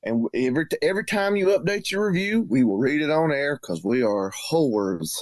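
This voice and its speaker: A man's voice: a little high, lively intonation, normal speed, darkish tone, no echo. Male co-host, teasing and easygoing, dry close-mic sound. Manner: teasing, laid-back. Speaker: podcast co-host. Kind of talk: casual banter.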